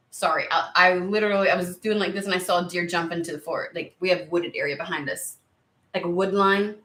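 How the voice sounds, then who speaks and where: A woman's voice: fairly low pitch, a bit bright, echoey room. A woman giving a casual tarot reading to camera, chatty and rambling, easily sidetracked. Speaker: tarot reader.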